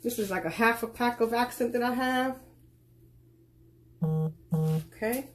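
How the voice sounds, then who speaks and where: A woman with a slightly high voice walks viewers through a live cooking lesson. She gives folksy, instructive directions and calls her audience child and girl. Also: expressive, takes it slowly. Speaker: cooking tutorial host. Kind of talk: casual live cooking demonstration.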